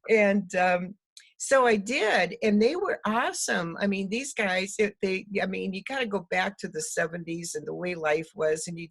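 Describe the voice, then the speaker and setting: An older woman, an interview guest telling stories in a lively way, often laughing and acting out the voices of people she quotes. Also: medium pitch, breathy edge. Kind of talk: storytelling conversation.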